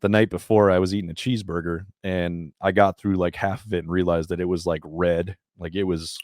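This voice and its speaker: Low-voiced man telling a rowdy story. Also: fairly quick, slight background noise. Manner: profane, laughing, energetic storytelling. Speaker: podcast guest, jiu-jitsu brown belt and former MMA fighter. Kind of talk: casual storytelling.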